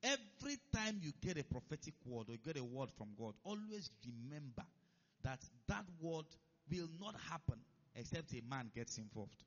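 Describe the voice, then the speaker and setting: A man's voice: a little high, very animated, normal speed. A man preaching a sermon, who keeps stopping to check that his listeners are following. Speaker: pastor. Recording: dull lo-fi recording.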